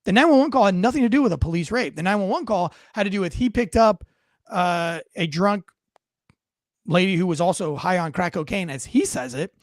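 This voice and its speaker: A man's voice: high-pitched, animated, a little fast, no room sound, studio quality. A man hosting a podcast, giving heated commentary with emphatic, repeating phrasing. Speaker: podcast host.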